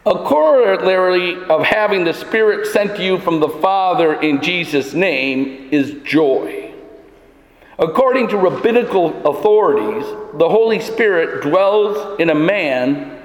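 High-voiced man preaching in an echoey church. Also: expressive, measured pace. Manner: emphatic preaching, swings between soaring and hushed. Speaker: pastor. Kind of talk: sermon.

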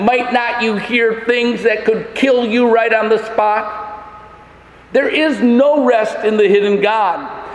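A man pastor preaching a sermon in a church, emphatic, with many rhetorical questions. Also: very high-pitched. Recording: echoey hall with long reverb.

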